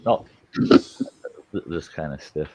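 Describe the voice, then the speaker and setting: A man with a very deep voice and lively intonation hosts a late-night livestream, taking it slowly as he chats, swears and spins a long joke with put-on voices. The stream audio is lo-fi and muffled, with a noisy background.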